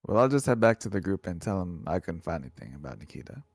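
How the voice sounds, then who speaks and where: Low gravelly man playing a tabletop game. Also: very animated, quick pace, darkish tone, no room sound, studio quality. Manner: gravelly, hesitant. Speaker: player. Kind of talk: in-character tabletop play.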